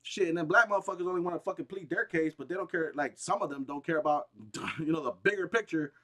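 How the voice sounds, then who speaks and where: A gaming streamer delivering a heated, rambling, profane rant, restarting sentences often and bursting out with emphasis. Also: male voice, on the high side, quick pace, sharp tone. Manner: agitated, emphatic outbursts.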